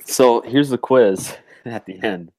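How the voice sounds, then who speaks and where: A man's voice: mid-range voice, takes it slowly, a little mellow. A man hosting a casual podcast over a video call, easygoing and curious, often calling his co-host "dude".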